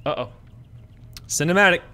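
With a voice on the high side and a moderate pace, a young man commentates a let's-play casually. He coaxes his in-game kids along, swears offhandedly, and shifts between hushed murmurs and excited yelps.

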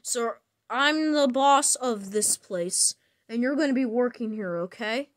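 A woman voicing a restaurant boss who speaks quietly and matter-of-factly in a plush toy skit. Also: on the high side, a little slow, dry recording, natural voice. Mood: businesslike.

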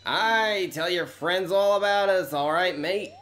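A man voicing a cheery male shooting gallery keeper, trying a rough Australian-style accent and calling everyone mate. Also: fairly high pitch, very animated, normal speed, a bit bright, pitched above the performer's own voice. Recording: game music behind voice.

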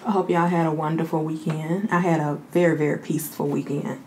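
A woman's voice: deep voice, steady tone, brisk, a little mellow, a little hiss or hum. A woman hosting a mukbang video, chatting casually with viewers and calling them y'all. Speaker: mukbang host. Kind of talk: casual eating vlog chat.

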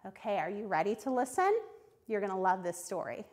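A woman's voice: medium pitch, animated, brisk. A woman teacher guiding an online reading lesson, asking the class questions. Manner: friendly, asks the class questions.

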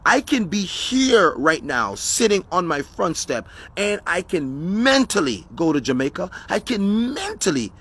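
A man's voice: high voice, sing-song, unhurried, few pauses, pushed and bright, slightly rough. A man giving a motivational talk outdoors, with an emphatic, preachy delivery that repeats key phrases. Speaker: motivational speaker. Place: outdoors on his front step.

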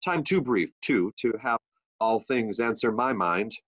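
A man's voice: mid-range voice, expressive, unhurried, fairly bright tone. A teenage boy playing a doting old nobleman father in a Shakespeare school play, sometimes stumbling over his lines. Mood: fond. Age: late teens. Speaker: student actor. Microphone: video call. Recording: muffled video-call audio.

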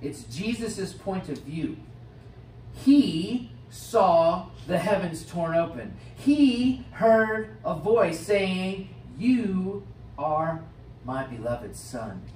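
A man's voice: high-pitched, extremely slow. American male pastor preaching in a roomy church. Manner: expressive preaching, swings from loud to hushed. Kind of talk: sermon. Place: church sanctuary. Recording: roomy church sound from a distant mic, faint hiss.

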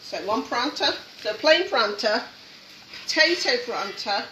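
With an expressive, higher-pitched voice and an unhurried pace, a woman leads a relaxed home cooking demo, encouraging and chatting as she works. Sound comes from a distant mic in an echoey kitchen with noise behind her.

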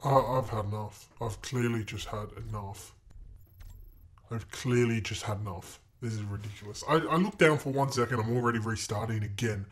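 In a lowish voice at normal speed, a young man reacts to clips of his own gaming. The video creator is fed up, swearing throughout and berating himself.

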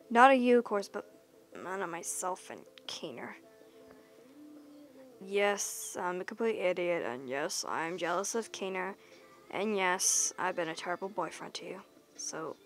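A woman voicing a remorseful young boyfriend in a whispered role-play, talking in a hushed, apologetic way with some swearing. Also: medium pitch, natural voice. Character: remorseful young boyfriend, jealous, hot-tempered.

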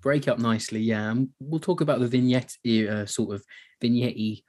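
A man's voice: medium pitch, steady tone, normal speed, darkish tone. A man from England co-hosting a podcast, chatting casually about a war film and acting out its lines. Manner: chatty, laughs, acts out quoted dialogue. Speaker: podcast co-host.

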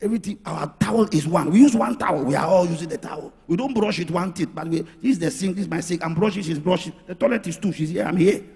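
In this sermon, a middle-aged preacher with a gravelly, raspy, rather high male voice moves fast and barely pauses. He alternates hushed, personal moments with full-volume shouts, captured in an echoey hall over faint background music.

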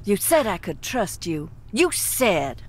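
A woman's voice: medium pitch, very animated, slow. A woman voicing a distrustful young woman who hides in a crypt in a video game, curt and scolding. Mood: accusing. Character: hostile secretive young woman hiding in crypt.

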